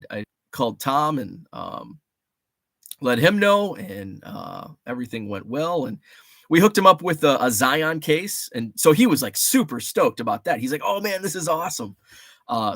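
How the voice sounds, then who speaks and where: A man's voice: medium pitch, a bit bright, dry recording, studio quality. A man hosting a casual livestream, rambling through a story and reading viewers' chat aloud with frequent laughs. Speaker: livestream host.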